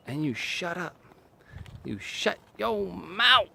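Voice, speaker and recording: A man's voice: high voice, sing-song, slow pace, vocal fry, pushed and bright, slightly rough. A man giving an earnest, emphatic talk from personal experience. He repeats short phrases and keeps saying "man". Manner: speaks from personal experience, faith-based. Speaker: video speaker on relationships.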